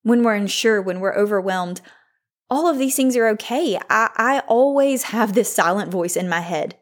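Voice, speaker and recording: A woman's voice: medium pitch, moderate pace. Candid Christian podcaster woman in her thirties. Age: 30s. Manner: candid and reflective, with frequent "like" fillers. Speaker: podcast host. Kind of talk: faith-based podcast monologue.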